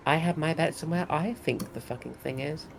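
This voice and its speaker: A man's voice: fairly high pitch, a little fast, creaky, background noise. A man playing in a tabletop game, wisecracking and sarcastic as he banters. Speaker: player.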